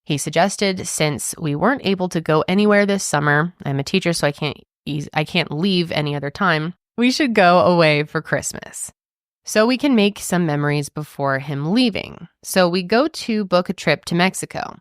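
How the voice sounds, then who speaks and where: Lower-voiced woman podcast co-host, chatty. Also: lively intonation, moderate pace, dry recording, studio quality. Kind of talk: casual chat, reading a forum post aloud.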